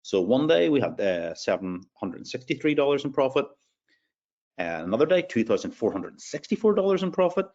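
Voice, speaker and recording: An Irish-accented man hosts a live sales webinar, upbeat as he reads out the names of attendees. His warm, medium-pitched voice moves quickly with big pitch swings, and the sound is lo-fi.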